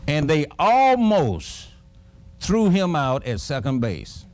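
A man preaching a sermon as a pastor, with a dramatic storytelling manner that breaks into shouted exclamations. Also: on the high side, huge pitch swings, slow pace.

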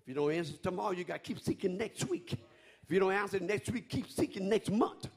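A man preaching a fervent sermon, rising to shouts and chuckling between lines. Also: high-pitched, expressive, fast talker, slightly rough. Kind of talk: call-and-response sermon.

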